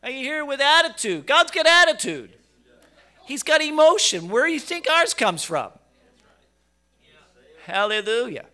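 A man's voice: very high-pitched, very animated, measured pace, pauses often, sharp tone. A middle-aged male pastor preaching a conversational sermon, with stammering restarts and emphatic bursts.

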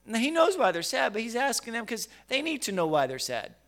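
A man's voice: extremely high pitch, wildly swooping pitch, fairly quick, fairly bright tone. A middle-aged male pastor preaching a conversational sermon, with stammering restarts and emphatic bursts.

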